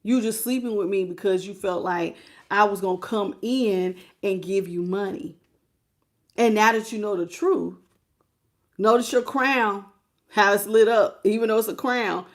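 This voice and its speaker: A woman's voice: mid-range voice, measured pace. A woman giving a live tarot reading, talking casually with her viewers, greeting them by name and laughing often. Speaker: tarot reader.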